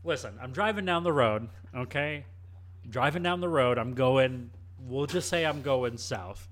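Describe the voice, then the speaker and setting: A young man co-hosting a casual chat, telling a story in a cheeky, animated way. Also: medium pitch, unhurried. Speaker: co-host.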